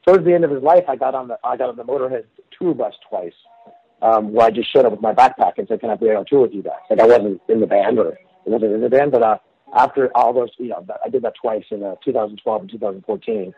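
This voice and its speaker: A man's voice: medium pitch, fast, vocal fry, breathy edge. A man, a rock singer, telling stories in a rambling, casual way, with many fillers and restarts. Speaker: rock singer, interview guest. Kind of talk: casual phone interview. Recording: dry tinny phone line.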